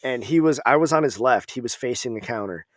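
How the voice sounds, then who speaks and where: A man from Minnesota, an Army veteran guest on a podcast, telling stories in a casual, profane and animated way. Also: medium pitch, brisk, no room sound, studio quality.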